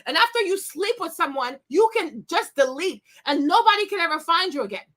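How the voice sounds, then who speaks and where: A woman's voice: very high voice, lively intonation, brisk, fairly bright tone. A woman hosting a commentary show, ranting bluntly and scathingly with bursts of laughter. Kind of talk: opinionated commentary rant.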